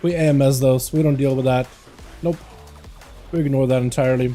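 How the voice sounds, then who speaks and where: A young man casually commenting on his own gameplay during a live stream, chatting with his teammates in a relaxed, talkative way. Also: mid-range voice, a little fast, soft background music. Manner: laid-back, chatty, talks to teammates.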